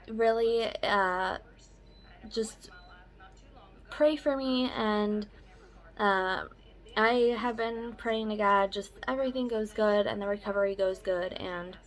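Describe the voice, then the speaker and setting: A young woman chatting casually in a personal vlog update, rambling with filler words. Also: medium pitch. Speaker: vlogger.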